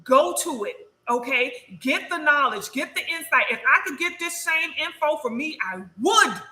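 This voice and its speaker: A woman's voice: high voice, lively intonation, moderate pace, sharp tone, roomy sound, rough recording. A woman hosting a spiritual livestream, chatting casually and often checking in with "okay?" and laughing.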